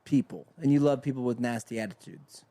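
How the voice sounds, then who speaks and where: A man's voice: mid-range voice, fairly quick, dark tone. A man co-hosting a casual talk show, ranting heatedly and profanely. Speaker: podcast co-host. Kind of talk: casual comedic rant.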